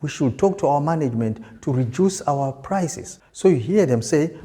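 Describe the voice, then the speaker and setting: A man's voice: a little high, animated, normal speed, warm tone, a little hiss or hum. A male sales trainer giving a motivational lesson, stressing and repeating key words for emphasis. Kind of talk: motivational teaching talk.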